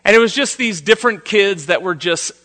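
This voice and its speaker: A male preacher delivering a sermon as an animated storyteller who acts out the quotes. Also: high-pitched, brisk, big-room sound.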